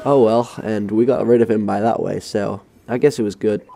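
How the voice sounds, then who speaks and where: A young Englishman with a low, gravelly voice telling a school story over gameplay. He sounds dark and mellow in tone, and his delivery is casual, rambling and sweary. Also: fairly even intonation, moderate pace, slight background noise. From England. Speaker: gaming channel host.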